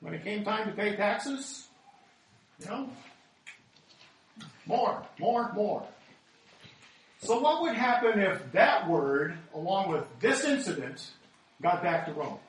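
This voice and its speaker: A man's voice: sits high, sing-song, measured pace. A male American pastor delivering a sermon, reading scripture dramatically and asking rhetorical questions. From United States. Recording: very echoey hall, speaker far from mic.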